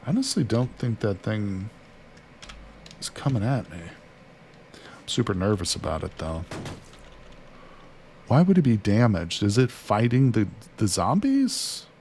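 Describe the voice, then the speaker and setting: A man with a lowish voice talking through a survival game in a loose, chatty way. He narrates his moves and talks to his character as he goes. Faint background noise sits under his voice. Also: very animated, measured pace, pauses often, a little mellow. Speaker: gaming streamer. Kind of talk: casual let's-play commentary.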